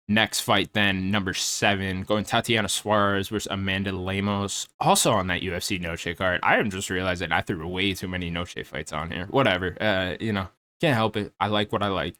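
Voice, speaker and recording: Low-voiced laid-back man talking fights. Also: bright, forceful tone. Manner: laid-back, rambling, lots of fillers and mild swearing. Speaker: MMA commentary YouTuber. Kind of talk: casual fight preview commentary.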